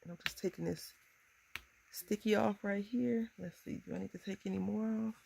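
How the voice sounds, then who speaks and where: A woman in her thirties chatting casually through a crafting tutorial, bubbly and quick to laugh at herself. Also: medium pitch, fairly even intonation, gravelly, darkish tone, slight background noise. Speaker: crafting vlogger.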